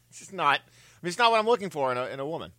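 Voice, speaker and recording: A man's voice: a little high, very animated, racing, bright, forceful tone, no echo. A man co-hosting a sports radio show, self-mocking and laughing often as he stammers through his points. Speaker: radio co-host. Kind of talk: casual radio banter.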